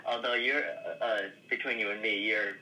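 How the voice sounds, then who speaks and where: Hesitant male caller, very bright tone. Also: on the low side, fairly even intonation, normal speed, poor audio. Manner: hesitant, full of "uh" fillers, friendly. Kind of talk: casual phone-in chat.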